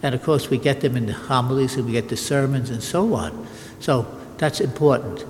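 A man's voice: medium pitch, fairly quick, a little mellow, in a large hall, slight background noise. An older man, a Catholic priest, giving an emphatic sermon with repeated phrases and frequent restarts.

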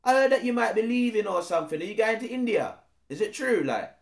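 A man voicing a pushy young street lad who talks loud, with slang tags on every line, recorded in an echoey room. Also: high-pitched, very animated, fast, creaky, exaggerated voice. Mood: brash. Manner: loud, slangy, ends lines with "innit".

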